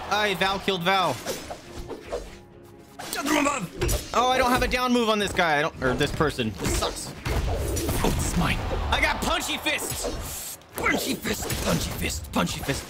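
A streamer reacting live to a fighting game, with a lively voice that leaps high and dips low. Swears freely and squeals with every hit and fall. Loud game music plays behind the voice throughout. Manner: excitable, swears often, squeals and yelps while playing. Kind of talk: live gameplay commentary.

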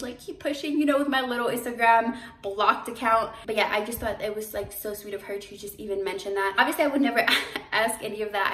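Young woman, boutique owner, casual vlog chat, slightly high voice, roomy echo, a bit off-mic. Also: distant mic. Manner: chatty, animated storytelling with fillers. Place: her boutique store, indoors. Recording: echoey room, voice off-mic.

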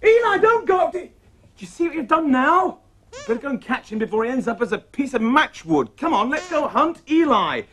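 A man's voice: extremely high pitch, expressive, brisk, a bit bright, poor audio. A middle-aged man hosting a children's TV puppet show, playful and chatty as he talks to his puppets. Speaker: puppeteer host.

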